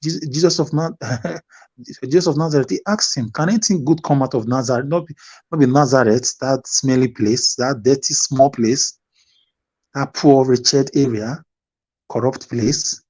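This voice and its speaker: A man's voice: mid-range voice, a little slow, darkish tone. A Nigerian man speaking fervently in an online discussion, preaching and repeating phrases for emphasis. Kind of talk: impassioned discussion.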